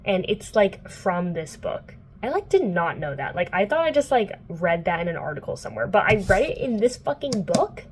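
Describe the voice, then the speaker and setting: A woman's voice: mid-range voice, sing-song, normal speed, hardly any pauses, a little hiss or hum. Chatty young woman recapping a book. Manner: chatty, filler-heavy, playful quoting of characters. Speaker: book vlogger.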